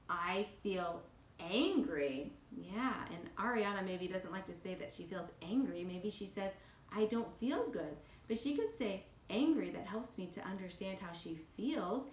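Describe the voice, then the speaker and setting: A woman teaching a phonics lesson to young children, enunciating slowly and carefully. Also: medium pitch, reverberant.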